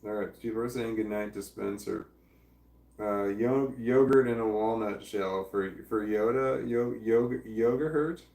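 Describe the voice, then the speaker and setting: A man rambles through a casual livestream, reading viewer comments and swearing freely. His voice is gravelly and sits at a middling pitch. He sounds a little far from the mic, in a roomy space. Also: fairly even intonation, a little slow, darkish tone. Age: adult parent.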